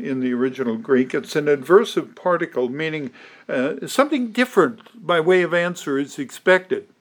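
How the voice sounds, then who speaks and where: A man preaching an expository sermon, teaching at a measured pace with frequent ums and restarts. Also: mid-range voice.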